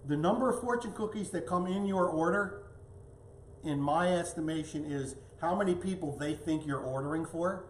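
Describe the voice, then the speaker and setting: A man's voice: a little high, normal speed, roomy sound, slight background noise. A man hosting a casual cooking demonstration in his home kitchen, chatting as he plates and tastes the food. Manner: chatty, talks while tasting and plating. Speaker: cooking show host.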